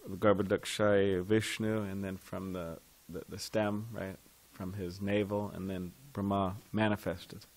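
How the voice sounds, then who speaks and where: A man's voice: deep voice, flat delivery, unhurried, hardly any pauses. A man teaching a devotional scripture class in a temple, talking in a loose conversational way and putting questions to his listeners.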